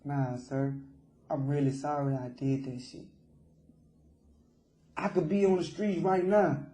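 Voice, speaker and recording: A young man, jailed as a suspect, gives a remorseful jailhouse interview, regularly using "sir" with the interviewer. His a-little-high voice is steady, warm, and slightly slow, in a roomy space with slight background noise.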